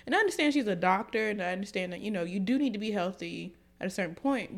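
An animated woman co-hosting a casual podcast chat. Her pitch swings widely as she tells a story and swears freely, with her voice sitting at a middle pitch. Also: quick pace, creaky, few pauses. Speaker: podcast co-host.

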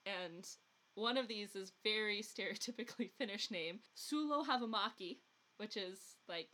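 A woman's voice: mid-range voice, normal speed, bright, forceful tone. A woman from the Upper Midwest with a rural Midwestern accent, co-hosting a podcast and telling a story in a chatty, giggly way. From US Upper Midwest, along the Mississippi. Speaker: podcast co-host. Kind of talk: casual podcast chat.

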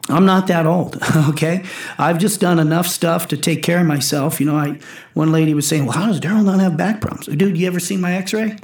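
A man's voice: fairly high pitch, fairly quick, reverberant. A man in his forties, a powerlifter and coach, talking intensely in casual chat, swearing and acting out his own quotes. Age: 40s.

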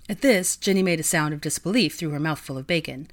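A woman reading fan fiction aloud in an expressive storytelling way. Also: sits low, fast talker, hardly any pauses. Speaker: reader.

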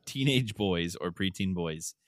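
A middle-aged man co-hosting a podcast, talking in an animated way with quick laughs and restarts. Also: sits low, no room sound, studio quality. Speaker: podcast co-host. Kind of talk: casual chat.

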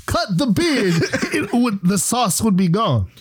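A young man co-hosting a podcast, speaking bluntly in a joking, animated way. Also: high voice, takes it slowly, breathy edge. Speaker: podcast co-host. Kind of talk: casual chat.

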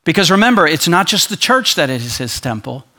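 A male pastor preaches briskly and with plenty of energy. He performs the quoted voices himself and drops to a quiet, low register for emphasis.

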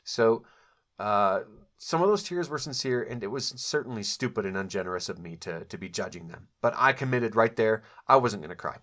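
Middle-aged guy with a lowish voice telling his own story, lots of ums and restarts, thoughtful. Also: lively intonation, normal speed, fairly bright tone. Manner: reflective, candid, with frequent fillers and self-corrections. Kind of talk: personal storytelling, memoir recollection.

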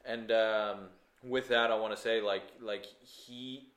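A man hosting a casual podcast chat, enthusiastic and quick to laugh. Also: on the low side, fairly even intonation, fairly bright tone. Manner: enthusiastic, laughs often, restarts and fillers. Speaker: podcast host. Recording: echoey room.

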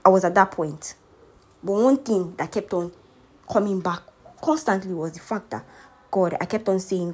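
A woman's voice: medium pitch, moderate pace, pauses often, husky. A young Nigerian woman hosting a podcast, speaking earnestly and heartfelt as she encourages listeners to keep faith. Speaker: podcast host. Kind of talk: motivational faith talk.

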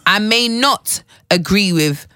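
Animated woman, candid chat. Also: medium pitch, slow pace, slight background noise. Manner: candid, animated, says "bruv" and "I'm telling you". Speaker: guest. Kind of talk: casual chat.

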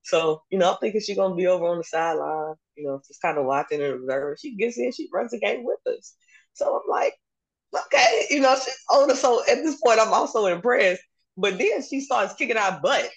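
Animated woman coach telling her story. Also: medium pitch, brisk, breathy edge, low-quality recording. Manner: animated, acts out dialogue, laughs often. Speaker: basketball coach and podcast guest. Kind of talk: casual storytelling interview.

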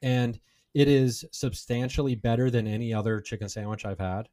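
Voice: medium pitch, normal speed, mellow. A podcast co-host in casual chat, rambling along and ending thoughts with "right?".

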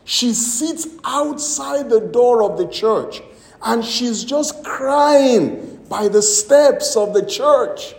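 A man's voice: very high voice, lively intonation, extremely slow, gravelly, echoey room. A man preaching a sermon as pastor, telling a story with acted-out quotes and emphatic exclamations.

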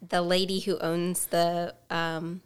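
Smooth, low-voiced woman co-host. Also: little pitch movement, takes it slowly. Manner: hesitant, meandering, many fillers. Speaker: podcast co-host. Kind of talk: casual chat.

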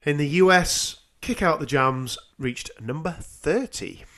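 A man co-hosting a music podcast, chatting casually, animated and sweary, laughing easily. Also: fairly high pitch, measured pace. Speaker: podcast co-host.

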